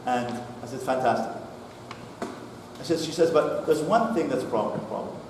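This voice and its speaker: A man's voice: medium pitch, normal speed, background noise. Man preaching in an echoey hall. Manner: animated storyteller, acts out dialogue. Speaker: rabbi giving a talk. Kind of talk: storytelling talk to a congregation. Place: synagogue hall. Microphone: distant mic, far from the speaker. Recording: echoey hall recorded from far off.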